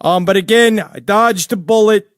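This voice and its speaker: A rambling jailed older killer, as a man puts him on, nattering about heaven and gossip. His voice sits high for a man and swings into sudden outbursts. The sound is dry and close, with no room in it. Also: normal speed, no room sound, close to an everyday voice. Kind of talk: comedic character monologue.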